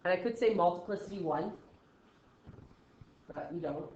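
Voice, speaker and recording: A woman's voice: on the low side, moderate pace, a little mellow, a little hiss or hum. Chatty woman teaching math, roomy sound. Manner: chatty, acts out student reactions, frequent "okay?" check-ins. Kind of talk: recorded classroom math lesson. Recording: slightly dull, roomy recording.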